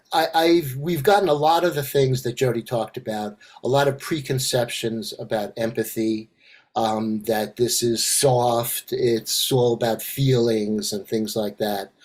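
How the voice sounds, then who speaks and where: An older man leads a group discussion over a video call. He talks haltingly, stops often and restarts his sentences. His pitch sits in a middle range. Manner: halting, many fillers and restarts. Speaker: circle facilitator. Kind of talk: casual online group discussion.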